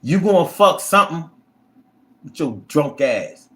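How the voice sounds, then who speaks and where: A man hosts a casual livestream and rambles through viewer comments in a blunt, profane way. His voice sits a little high and swings widely in pitch as he talks. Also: sing-song, a little slow, fairly bright tone. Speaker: livestream host reading chat.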